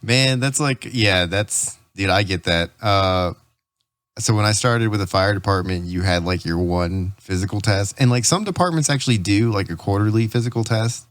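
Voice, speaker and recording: A man's voice: fairly low pitch, normal speed, a bit bright, dry recording, clean studio sound. A man hosting a casual podcast chat, laid-back and loose, saying "dude" and "like" a lot. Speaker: podcast host, firefighter.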